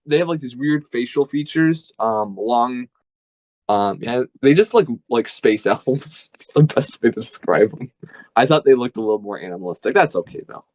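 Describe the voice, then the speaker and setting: A man's voice: mid-range voice, a little mellow, dry recording, low-quality recording. A man running a tabletop game as game master, describing scenes casually with many fillers and restarts.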